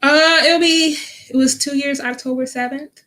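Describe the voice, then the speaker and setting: This young woman's voice is high and sharp, with fairly even intonation at a normal speed. A vet tech appearing as a guest, she recounts something from her own life in a casual interview, full of fillers and acted-out quotes.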